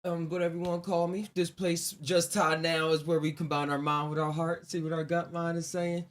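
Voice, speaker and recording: Speaking briskly with little pitch movement, a man whose voice runs on the high side hosts his own live podcast. It's casual solo talk, loose and reflective, full of rambling and frequent laughter.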